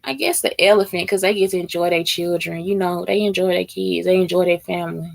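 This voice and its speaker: A woman's voice: fairly low pitch, a little fast, creaky. A woman hosting a casual chat, answering question prompts bluntly and with lots of swearing, talking straight to her listeners. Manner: blunt and heavily profane; talks straight to listeners as "y'all".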